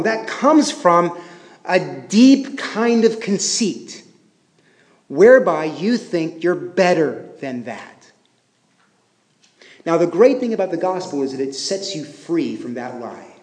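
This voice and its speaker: A man preaching a sermon as pastor, talking conversationally and swinging between emphatic stresses and hushed, quiet phrases. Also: high-pitched, animated, unhurried. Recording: echoey hall with long reverb.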